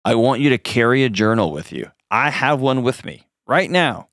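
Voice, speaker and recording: A man's voice: medium pitch, lively intonation, normal speed, a bit bright, no echo, studio quality. A man hosting a call-in advice show, coaching a caller in an earnest, direct way with frequent restarts.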